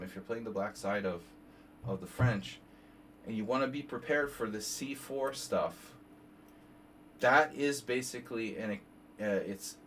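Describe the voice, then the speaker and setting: Guy in his 50s chatting through chess games, wanders off topic a lot, lowish voice, mic a bit far off with faint hiss. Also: a bit bright. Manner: rambling, digressive, reading moves aloud. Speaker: chess streamer. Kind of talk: casual live game analysis. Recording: slightly distant mic, faint background noise.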